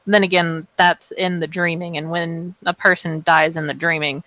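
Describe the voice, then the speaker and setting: A woman chatting casually and playfully while playing a tabletop role-playing game, rambling and excitable. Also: lowish voice, normal speed, few pauses, no echo, low-quality recording. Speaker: player in a tabletop role-play. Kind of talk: casual in-character role-play chat.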